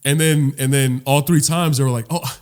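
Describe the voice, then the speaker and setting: A man's voice: medium pitch, a little fast, darkish tone, clear, resonant tone. A man co-hosting a casual comedy podcast, rambling through stories, swearing and acting out the voices of people he met. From Los Angeles. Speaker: podcast co-host.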